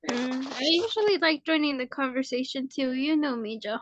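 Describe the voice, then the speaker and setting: A tired woman chats on a video call in a high voice, her energy low. The audio is dry and somewhat muffled. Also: normal speed, a little hiss or hum. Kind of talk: casual online group chat.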